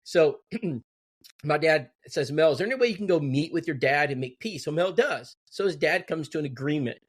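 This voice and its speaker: A middle-aged man telling a story in casual, animated talk and acting out what others said. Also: on the high side. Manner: animated, quoting others in dialogue. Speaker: guest telling a testimony.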